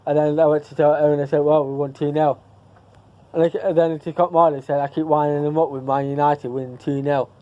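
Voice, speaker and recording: A man's voice: a little high, flat delivery, brisk, warm tone, lo-fi sound. A man chatting casually to camera in a vlog, rambling and repeating himself as he loses his thread. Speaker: vlogger.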